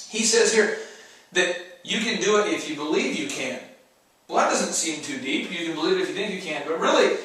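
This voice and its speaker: A man's voice: on the high side, a bit bright. A man giving motivational business advice on a talk show, emphatic, acting out mock dialogue in different voices. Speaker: entrepreneur co-host giving advice. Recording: echoey room, distant mic.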